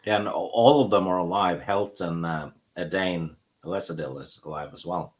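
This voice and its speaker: A man's voice: low-pitched, moderate pace. A man taking part in a casual book chat and making dry, knowing remarks about the story. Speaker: book discussion participant.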